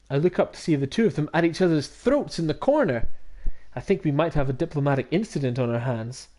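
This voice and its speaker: A man streaming a visual novel, reading it aloud with animated, laughing asides. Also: fairly high pitch, fast.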